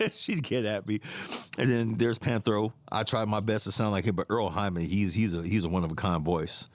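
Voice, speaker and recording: A middle-aged man with a lowish voice, hosting a podcast and telling stories in a loose, rambling way. He repeats himself as he goes, laughs easily, and swears casually. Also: fairly even intonation, fairly quick, few pauses. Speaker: podcast host. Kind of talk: casual storytelling monologue.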